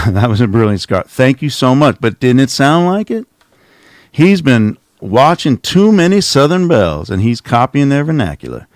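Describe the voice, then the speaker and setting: A man's voice: medium pitch, big pitch swings, moderate pace, dry recording, clean studio sound. A middle-aged man hosting a casual livestream, rambling and sarcastic as he mocks someone from his home office. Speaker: channel host.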